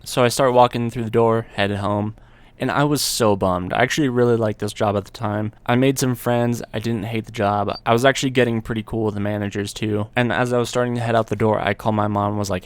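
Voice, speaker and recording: A man's voice: fairly low pitch, a little fast, no echo. A young adult man telling a story from his own life in a casual, laid-back way, with slang and the odd swear word.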